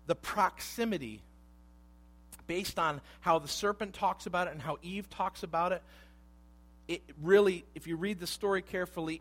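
Animated man preaching a sermon. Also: fairly high pitch. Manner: animated, acts out voices in quotes, swings between hushed asides and loud emphasis. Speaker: pastor.

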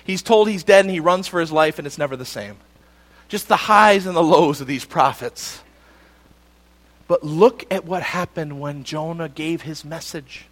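Pastor, male, high light voice, lively joking sermon delivery. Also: normal speed. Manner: animated, jokey, acts out quotes.

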